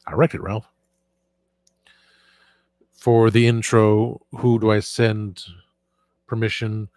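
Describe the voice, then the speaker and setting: A man with a throat worn rough and hoarse, chatting loosely as host of a casual stream. His voice sits low, and he keeps circling back and correcting himself. The sound is close and dry. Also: level tone, slow, darkish tone, dry recording. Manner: rambling, with frequent restarts and self-corrections. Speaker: show host. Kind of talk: casual livestream chat.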